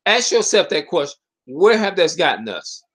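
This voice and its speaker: A man's voice: on the high side, big pitch swings, normal speed, fairly bright tone, breathy edge. A man giving an impassioned monologue to his viewers, preaching and hammering the same rhetorical questions while stumbling and restarting mid-sentence. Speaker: video commentator.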